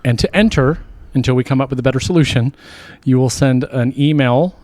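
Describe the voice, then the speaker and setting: A man's voice: mid-range voice, brisk, a little mellow, dry recording. A man co-hosting a casual podcast, upbeat and chatty as he runs through a giveaway and listener comments. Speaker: podcast co-host.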